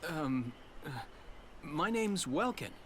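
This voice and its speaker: An actor playing a mild, easygoing young man who sketches nature in a video game, gentle and a little hesitant. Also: a little high, big pitch swings, slow pace, slight background noise. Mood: flustered. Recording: game audio with faint music.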